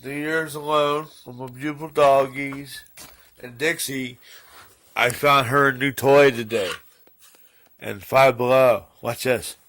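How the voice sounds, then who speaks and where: A man's voice: medium pitch, fairly even intonation, a little slow, heavy background noise. A man talking casually in a vlog, playful and affectionate with his dogs, calling himself their daddy. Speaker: vlogger. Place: at home.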